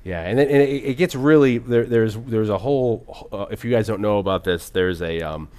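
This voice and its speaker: Male co-host, low-pitched, loose and profane, rambling film chat. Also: moderate pace, a little mellow. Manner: rambling, profane, laughs often. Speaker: podcast co-host. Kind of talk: casual film discussion.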